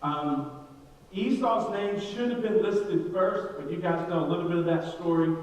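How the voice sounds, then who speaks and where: A middle-aged pastor preaches with a high voice, full of energy and jokes. He talks straight to his congregation and often starts over mid-sentence. His words boom through a big echoey church hall, picked up from well back. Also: normal speed. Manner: energetic, joking, speaks straight to the congregation, many restarts. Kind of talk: sermon. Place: church sanctuary. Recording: echoey hall, mic far off.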